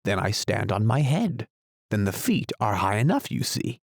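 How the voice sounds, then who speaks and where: A man's voice: fairly low pitch, big pitch swings, creaky, no echo, full character voice. A man doing a grave, muddled knight inventor. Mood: grave, musing. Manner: grave, slow, musing. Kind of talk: audiobook character voice.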